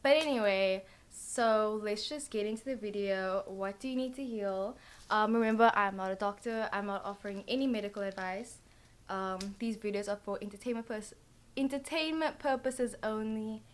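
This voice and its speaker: A woman's voice: medium pitch, moderate pace, slight background noise. Young woman, tarot reader, casual chat, tired, rambling, filler-heavy. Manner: rambling, full of "like" and "literally" fillers. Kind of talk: casual chatty tarot reading.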